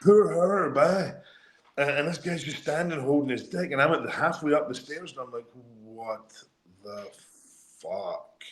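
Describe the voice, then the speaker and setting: A man's voice: fairly high pitch, brisk, roomy sound, slight background noise, rough recording. Scottish man telling profane stories. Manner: profane, laughing anecdotes. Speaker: guest, former wrestler. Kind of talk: casual storytelling.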